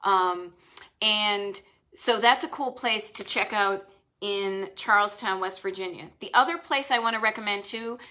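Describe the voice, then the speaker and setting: A woman's voice: mid-range voice, measured pace, bright, forceful tone. A woman with a Boston accent hosting a live stream, chatting with enthusiasm and rambling asides. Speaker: host of a retro travel live stream. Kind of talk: casual live-stream chat.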